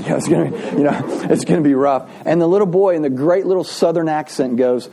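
A pastor giving a conversational sermon, telling folksy stories with frequent restarts and asides. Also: male voice, a little high, very animated, fairly quick, dark tone, slight background noise. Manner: folksy storytelling with laughs and restarts.

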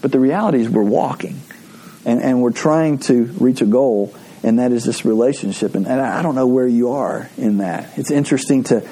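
A man's voice: mid-range voice, warm tone, slightly rough. A man preaching a sermon, telling stories in a conversational way with frequent restarts.

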